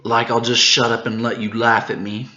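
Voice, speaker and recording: A man hosting a manga reaction video, recapping the chapter in a casual, excited way, laughing often and tripping over his words when he gets hyped. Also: medium pitch, moderate pace, roomy sound, muffled recording. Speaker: manga reaction channel host.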